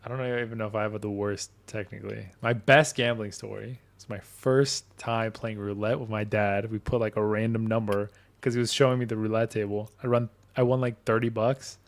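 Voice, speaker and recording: A man's voice: fairly low pitch, fairly even intonation, vocal fry. A man co-hosting a podcast who asks questions, reacts and tells short stories in casual chat. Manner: quick reactions, laughing and asking questions. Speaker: podcast co-host.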